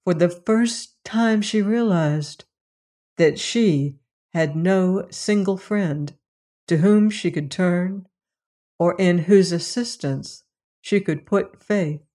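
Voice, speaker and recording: A narrator reading a novel aloud in a steady, measured way. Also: mid-range voice. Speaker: audiobook narrator. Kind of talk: scripted narration.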